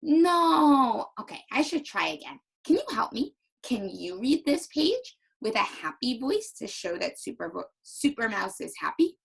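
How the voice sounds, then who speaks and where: A young woman teacher giving a recorded reading lesson to young children, with exaggerated, animated demonstrations. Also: medium pitch, normal speed, gravelly, hardly any pauses, breathy edge, rough recording.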